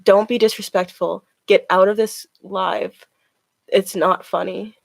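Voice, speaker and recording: A woman talking casually on a live stream while she reads tarot cards. She is chatty and loose, with "like" dropped all through her speech. Her voice is mid-pitched and sounds dry and close, with no room echo. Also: steady tone, a little slow, creaky. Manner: chatty, with many "like" fillers.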